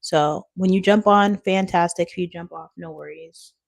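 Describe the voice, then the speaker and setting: A woman's voice: on the low side, steady tone, normal speed, vocal fry. A woman in her thirties from Washington State, chatting on a live stream from her phone at home, reading out viewer comments and laughing often. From Washington State, USA. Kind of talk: casual live-stream chat.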